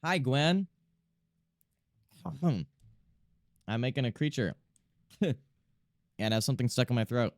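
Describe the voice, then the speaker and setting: A man's voice: medium pitch, expressive, a little slow, vocal fry, pauses often, darkish tone, no room sound, clean studio sound. A young man streaming from home, chatting casually and self-mockingly to himself and his chat while he draws.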